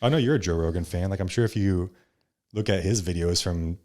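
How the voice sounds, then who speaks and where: A young man talks as a podcast guest in a laid-back, casual way. His voice sits a bit low, and he calls his own delivery monotone. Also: fairly quick. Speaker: podcast guest, social media creator.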